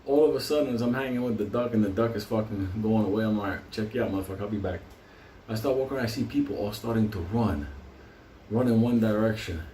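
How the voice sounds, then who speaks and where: Talking quickly in a lowish, dark voice, a vlogger spins a lengthy, foul-mouthed story and keeps bursting out laughing. The mic is distant, giving a roomy sound with slight background noise.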